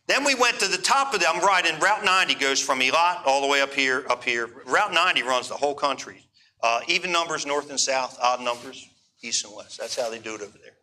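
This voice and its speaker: Bright-voiced, animated male preacher. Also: on the high side. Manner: animated, asks the crowd for responses. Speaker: pastor. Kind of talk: sermon storytelling to a live audience.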